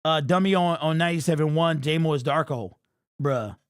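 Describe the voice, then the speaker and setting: A young man hosting a fan livestream postgame show, talking excitedly and casually to his chat in slang. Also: a little high, moderate pace, clean tone, dry recording, clean studio sound. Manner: excitable, slangy, talks straight to the chat with lots of "bro".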